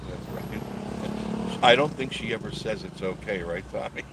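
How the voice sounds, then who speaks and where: A low-voiced man chats loosely on a live stream, cracking jokes and answering viewers as they comment. He talks into a phone on a gimbal from inside his car, with steady traffic noise clearly heard behind him. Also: moderate pace. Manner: rambling, joking, reads out and answers viewer comments.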